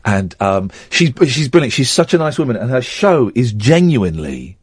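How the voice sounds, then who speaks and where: A man's voice: medium pitch, sing-song, normal speed, breathy edge, no room sound, studio quality. A man hosting a late-night radio chat show, rambling and restarting his sentences as he talks. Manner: rambling, stumbles and restarts often. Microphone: studio microphone.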